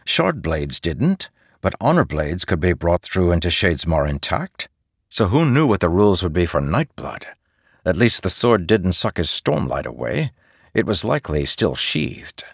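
Deep-voiced male audiobook narrator. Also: vocal fry, husky, dry recording, studio quality. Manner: measured, steady storytelling. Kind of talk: scripted fantasy narration.

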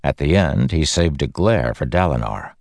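A man narrating a fantasy audiobook in a steady, measured storytelling style. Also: very deep voice, creaky, no room sound, studio quality.

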